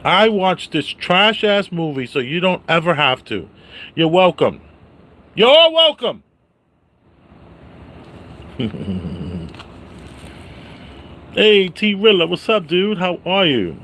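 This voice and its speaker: A man reviewing a movie on a casual livestream, greeting viewers by name and loudly repeating his catchphrases. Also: a little high, very animated, slow, slight background noise.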